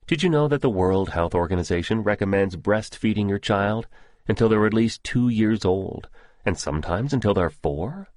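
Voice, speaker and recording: A man's voice: fairly low pitch, expressive, moderate pace, darkish tone, no echo, studio quality, lightly acted. A man voicing a blunt, sardonic young woman in an audiobook. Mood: wry.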